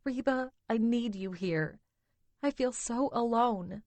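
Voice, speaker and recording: A woman's voice: a little high, slow, darkish tone, no echo, voice pushed up. A woman voicing a tearful teenage sister of about eighteen who sobs and pleads. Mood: sobbing, pleading. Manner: sobbing, pleading.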